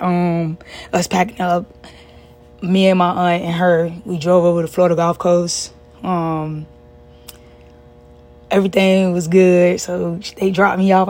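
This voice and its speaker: Husky-voiced young woman telling her story. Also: fairly low pitch, darkish tone. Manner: earnest, conversational, with many fillers and restarts. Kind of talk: personal storytelling.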